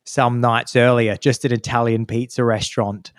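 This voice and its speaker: A man co-hosts a podcast in casual chat, speaking at normal speed in a mid-range voice recorded at studio quality with no room sound. He's an animated storyteller who acts out the people he quotes.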